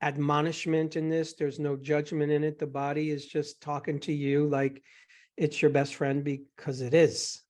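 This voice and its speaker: A man hosting a coaching session, guiding his guest gently and reassuringly with examples. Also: fairly high pitch, completely flat delivery, moderate pace. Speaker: host and eating psychology coach.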